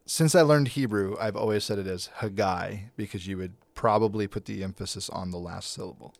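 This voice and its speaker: A man's voice: on the low side, a little fast, creaky, no room sound. A man hosting a church podcast in casual chat, joking and laughing easily. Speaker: podcast host, church staff.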